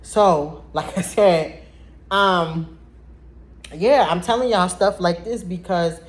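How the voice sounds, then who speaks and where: A woman telling viewers a personal story in a casual vlog, talking in an animated, blunt way and addressing them directly. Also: fairly low pitch, slow pace.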